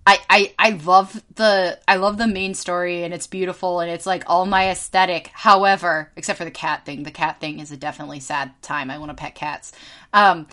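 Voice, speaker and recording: A woman co-hosting a podcast, telling stories in an emphatic, animated way with lots of swearing. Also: fairly low pitch, a little fast. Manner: emphatic, profane, animated storytelling. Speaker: podcast co-host. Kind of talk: casual chat.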